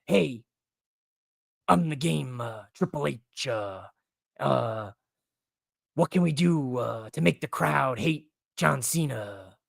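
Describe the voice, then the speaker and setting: A man putting on a mocking impression of a middle-aged male wrestling executive who talks slowly and deeply, halting with many "uh"s. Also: expressive, gravelly, no echo, studio quality, full character voice. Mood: pompous. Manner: slow, deep, halting with many "uh"s.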